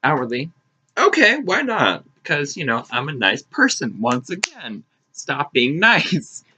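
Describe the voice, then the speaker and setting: Animated young man with a bright voice. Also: unhurried, slight background noise. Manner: animated, jumps into high mocking voices for quotes; sarcastic, swears freely. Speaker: vlogger. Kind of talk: casual storytime. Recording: slightly dull lo-fi audio.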